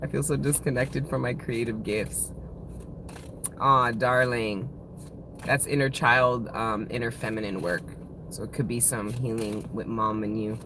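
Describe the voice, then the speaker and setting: A woman in her thirties reads tarot live for her viewers, laughing often and swearing freely. She talks with open emotion and a playful edge. A clear background hiss sits under her voice. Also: very deep voice, fairly even intonation, unhurried. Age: 30s. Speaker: tarot reader. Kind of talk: casual live-stream tarot reading.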